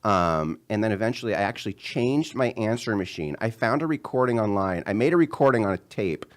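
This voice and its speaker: Animated man telling a wild story. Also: brisk. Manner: animated storyteller, acts out quotes in a higher voice. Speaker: comedian guest. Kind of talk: casual storytelling chat.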